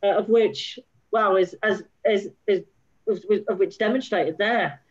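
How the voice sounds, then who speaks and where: A woman talking football on a video call, halting and restarting often, heard through lo-fi call audio. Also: mid-range voice, husky. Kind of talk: casual football chat over a video call.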